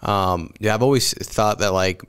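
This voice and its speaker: A man hosting a podcast, asking his guest questions in relaxed, casual conversation. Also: lowish voice, unhurried, clear, resonant tone. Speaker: podcast host. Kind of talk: casual interview chat.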